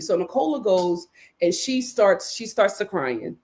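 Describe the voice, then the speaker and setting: A young adult woman giving a sassy, emphatic live recap of a reality show, acting out the cast's lines in quick asides. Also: mid-range voice, darkish tone. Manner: sassy, emphatic, quotes cast members in voices.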